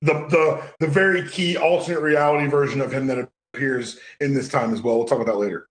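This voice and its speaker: A man's voice: medium pitch, steady tone, fast talker. A man co-hosting a casual podcast, chatting in a laid-back way. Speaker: podcast co-host. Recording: roomy echo.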